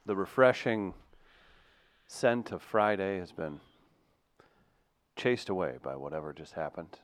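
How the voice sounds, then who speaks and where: A man's voice: low voice, expressive, a little slow, no echo. A man hosting a casual morning radio show in a studio, teasing his co-hosts with wry, dry humor.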